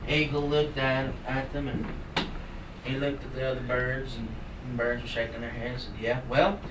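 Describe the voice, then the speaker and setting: A man storytelling a folk tale live, lively and animated as he acts out the action. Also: mid-range voice, normal speed. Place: indoor talk venue. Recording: roomy room from far off, noisy.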